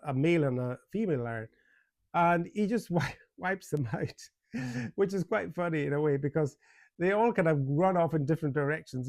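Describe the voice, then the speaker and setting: A man's voice: on the high side, darkish tone, no echo. Chatty, amused man reviewing a film. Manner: chatty and amused, with many fillers and restarts and frequent chuckles. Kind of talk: casual spoken movie review.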